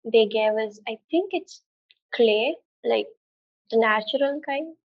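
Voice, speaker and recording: A woman's voice: on the high side, slow, no room sound, muffled recording. A young woman from India, a guest telling her story in a casual chatty way, with many fillers and restarts. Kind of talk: casual interview.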